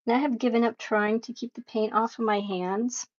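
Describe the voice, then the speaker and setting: A woman's voice: a little high, steady tone, normal speed, muffled recording. A middle-aged woman hosting a live painting stream, chatting casually with viewers, reading their messages aloud and laughing often. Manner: warm, emotional, laughs often, reads chat aloud. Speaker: livestream painting host.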